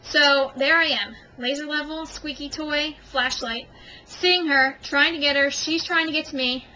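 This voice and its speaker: A young woman vlogging at home, telling a long story to the camera in an animated, self-mocking way. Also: high-pitched, a little slow, dull audio, a little hiss or hum.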